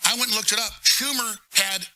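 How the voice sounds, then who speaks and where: A man hosting a talk show, ranting fast and emphatically with sudden loud bursts, faint music behind him. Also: sits high, steady tone. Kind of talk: heated political talk.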